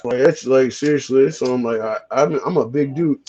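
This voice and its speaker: This man's mid-range voice moves at normal speed with a dark tone, and the recording has its highs cut off. He's hosting a loose conversation, swearing a lot, stammering and repeating himself.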